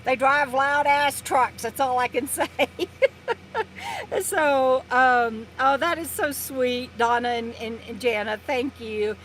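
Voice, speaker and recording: A woman chats on a live stream in a bright, high voice, rambling along as she reads out viewer comments. She records from inside her RV, and faint truck noise rumbles through from a parking lot outside. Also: fairly even intonation, takes it slowly, low-quality recording. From Texas. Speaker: vlogger hosting a live stream. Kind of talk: casual live-stream chat. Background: loud trucks passing.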